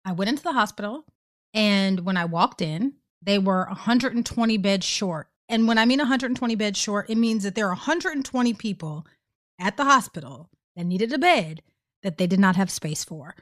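A woman's voice: medium pitch, expressive, moderate pace, no room sound, clean studio sound. A woman co-hosting a podcast, telling a personal story in an earnest, emphatic way. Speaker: podcast co-host. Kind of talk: casual podcast chat.

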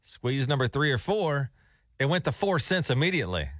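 A man co-hosting a morning radio show, telling a story in casual, animated banter. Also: medium pitch, normal speed, dry recording, studio quality. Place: radio studio. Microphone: studio microphone.

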